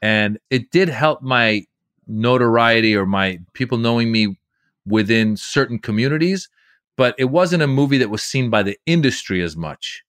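A middle-aged man, a comedian, telling lively stories in an interview and slipping into quoted voices. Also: medium pitch, moderate pace, smooth, no room sound. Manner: animated storyteller doing quoted voices. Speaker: comedian guest. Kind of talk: storytelling interview.

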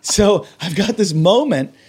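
A man's voice: sits high, expressive, unhurried, darkish tone, husky. A man tells a story in a loose, rambling way. He swears freely and jokes at his own expense. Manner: rambling, profane, self-mocking storyteller. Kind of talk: casual storytelling.

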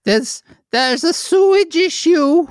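A man puts on a silly, vaguely Swedish character with a bewildered, sing-song lilt, pitched far above his usual voice and drawn out slowly. The recording is close and dry, with no room sound. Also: lively intonation, no room sound, full character voice. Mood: goofy. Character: goofy, vaguely Swedish man living in a future compound.

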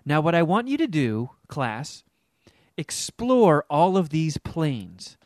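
A man voicing an eccentric, intense female theater teacher who speaks in a slow, breathy, rapt way. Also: on the high side, very animated, dry recording, clean studio sound. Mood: solemn.

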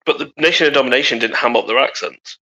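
A man co-hosting a casual wrestling podcast, joking and chiming in quickly. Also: medium pitch, pushed and bright, slightly rough, muffled recording. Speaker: podcast co-host.

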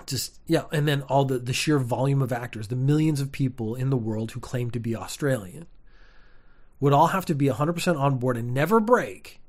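A young man, rambling through a casual comedic monologue with wry, deadpan asides. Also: medium pitch. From Canada.

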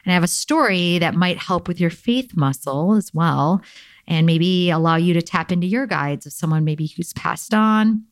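A young woman speaks in a low, grounded voice, sharing spiritual advice in a candid, chatty way full of likes and ums. The recording is dry and close, with no room sound. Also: normal speed, no echo. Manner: candid, conversational, uses filler "like" and "um". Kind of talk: casual spiritual self-help talk.

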